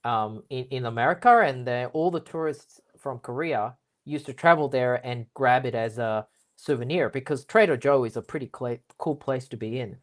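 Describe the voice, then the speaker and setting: A man's voice: mid-range voice, normal speed, hardly any pauses. A man speaking as a guest in a casual business interview, explaining things at length with lots of fillers and restarts. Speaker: guest expert.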